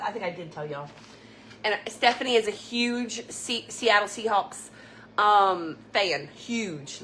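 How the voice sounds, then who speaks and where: A woman's voice: mid-range voice, a bit bright, a little hiss or hum. A woman hosting a casual livestream, chatting with viewers and telling stories with frequent laughter. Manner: chatty, storytelling, laughs often. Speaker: livestream host.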